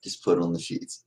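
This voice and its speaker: This live-stream host chats casually with viewers and keeps breaking into giggles. The delivery is unhurried and folksy, and the voice swoops up and down with lively pitch. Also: poor audio. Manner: giggly and playful, laughing often; teasing, folksy talk.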